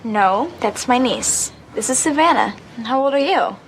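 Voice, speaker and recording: Show clip: a keen teen girl, higher voice, faint hiss behind. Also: expressive, moderate pace, rough recording. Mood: eager. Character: sixteen-year-old girl, bright and eager.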